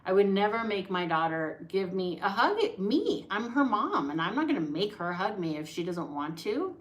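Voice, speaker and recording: A woman's voice: medium pitch, very animated, moderate pace. Woman who coaches actors, just chatting to the camera, emphatic, keeps going "right?". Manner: chatty and emphatic, often asking "right?" and acting out quotes. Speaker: acting teacher and mentor. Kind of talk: casual talking-to-camera vlog.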